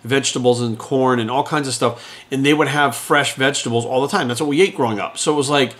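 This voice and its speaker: A man in his forties rants at a quick clip, blunt and heated. He swears constantly and talks like a fitness trainer. His voice sits at an average pitch. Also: steady tone, fairly bright tone. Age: 40s. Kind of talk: unscripted rant to camera.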